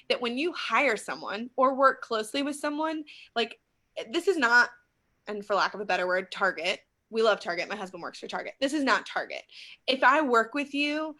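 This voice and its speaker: A woman's voice: fairly high pitch, sharp tone. A woman speaking as a guest on a casual video chat, earnest and encouraging, with frequent fillers. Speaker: guest expert on personality types.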